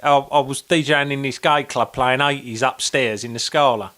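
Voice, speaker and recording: A man's voice: mid-range voice, moderate pace. A man co-hosting a podcast, telling swear-laden anecdotes in casual chat and acting out the people in them. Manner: swearing, animated anecdotes with acted-out quotes. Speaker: podcast co-host.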